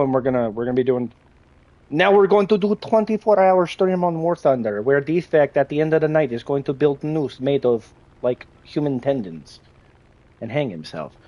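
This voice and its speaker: A man's voice: medium pitch, a little mellow, muffled recording. A young man livestreaming a game, talking casually with his viewers in a crude, joking, rambling way, with lots of restarts. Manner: crude, joking, chats with viewers while playing; rambling with frequent restarts and laughter. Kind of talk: casual gaming livestream chat.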